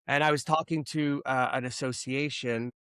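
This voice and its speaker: A man's voice: mid-range voice, steady tone, normal speed, a bit bright, clean tone, dry recording. A middle-aged man from Canada hosting a podcast, ranting bluntly and swearing in casual chat. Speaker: podcast host.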